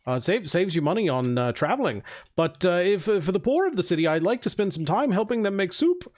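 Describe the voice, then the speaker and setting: A man's voice: high-pitched, big pitch swings, fairly quick, darkish tone. A nervous, kindly helper who stammers through polite offers in a slightly raised voice, as a man puts him on. He sounds eager and a little flustered.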